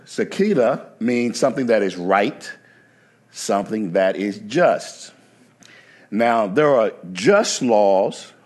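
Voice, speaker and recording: A man with a fairly low voice preaches from the pulpit. He moves from easy storytelling into emphatic, rising preaching. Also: darkish tone. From New Jersey. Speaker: pastor. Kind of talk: sermon with anecdotes.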